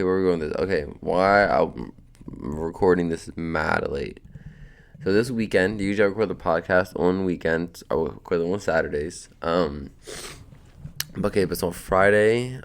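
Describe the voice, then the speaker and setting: Sleepy low-voiced young man, gravelly. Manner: laid-back, slangy, meandering, cursing. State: sleepy, just woken up. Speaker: podcast host. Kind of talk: casual rambling podcast chat. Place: at home, sitting in a beanbag.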